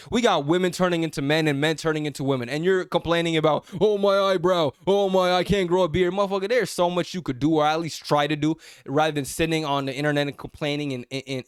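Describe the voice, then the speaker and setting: A man's voice: on the high side, no room sound, studio quality. A young man speaking straight to the camera in a blunt, profane, confrontational rant about self-image. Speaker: self-improvement vlogger.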